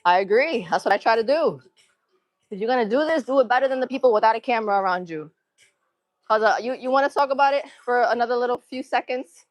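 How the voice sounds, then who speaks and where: A woman's voice: on the high side, animated, fast talker. A young woman streaming live from a gym, slightly winded as she chats with her viewers and counts out reps. Her voice is dry and close, with no room echo, and she talks in a loose, casual way. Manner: casual, chatty, counts reps and cues form between sets. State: out of breath. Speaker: fitness streamer.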